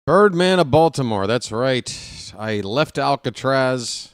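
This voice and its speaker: A man's voice: medium pitch, expressive, slow pace, smooth, no room sound, clean studio sound. A man hosting a live stream, chatting casually and trash-talking his opponent in a playful way.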